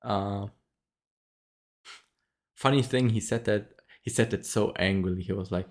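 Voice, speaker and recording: Low-voiced man telling a story casually. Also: a little slow, long pauses, a little mellow. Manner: rambling, many fillers and restarts, frequent laughs. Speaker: vlogger.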